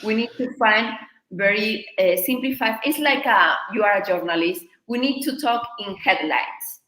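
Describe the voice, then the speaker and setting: A woman who is a native Spanish speaker and a Spanish teacher, explaining learning tips in a lively, emphatic way with punchy "boom" accents. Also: normal speed, roomy sound, rough recording.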